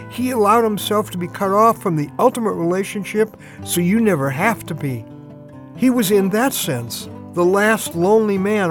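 A man giving a short radio devotional talk, earnest and intimate, slowing down for emphasis. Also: high voice. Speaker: radio preacher.

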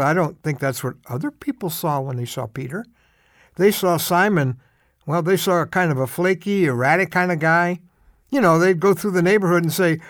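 A middle-aged man giving a short radio devotional, telling a story in an animated, conversational way. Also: a little high, no room sound, studio quality.

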